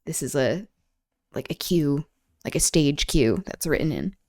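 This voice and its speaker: A woman's voice: low-pitched, expressive, measured pace, a little mellow, no echo, studio quality. Woman host, casual streamed book talk, blunt, irreverent, swears. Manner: irreverent, blunt, frequent fillers, swears freely. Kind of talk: casual reading and commentary on a livestream.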